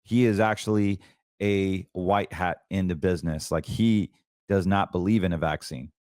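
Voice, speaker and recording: Deep-voiced man giving earnest testimony. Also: steady tone, moderate pace, a little mellow, no echo, studio quality. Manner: earnest and preachy, voice drops low when emotional. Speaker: podcast host. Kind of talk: personal testimony in casual talk.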